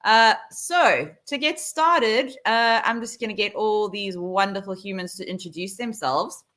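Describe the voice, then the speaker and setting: A woman's voice: medium pitch, a little slow, a bit bright. A middle-aged South African woman hosting a live online panel over a video call, chatty, with many fillers. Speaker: host.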